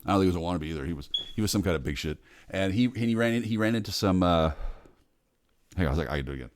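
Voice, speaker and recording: A man in his forties, rambling in a bitter, sardonic, heavily profane monologue, muttering low and then bursting out loud. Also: racing, slight background noise. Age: 40s. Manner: bitter, sardonic, swears a lot. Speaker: vlogger.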